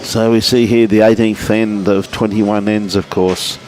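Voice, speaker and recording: Australian male commentator, low voice, relaxed matey patter, outdoor livestream. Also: measured pace, low-quality recording. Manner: chatty, matey, greets viewers by name. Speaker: lawn bowls commentator. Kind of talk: live sports commentary. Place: outdoors at a bowls club.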